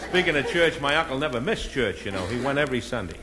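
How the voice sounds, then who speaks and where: A man's voice: lively intonation, crowd noise. A comedian from Boston with a Boston accent, telling a string of stand-up jokes and punchlines, raising his voice when he plays the characters. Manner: brisk storytelling with punchlines, voices the characters with a raised pitch. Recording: old comedy record with a noisy background.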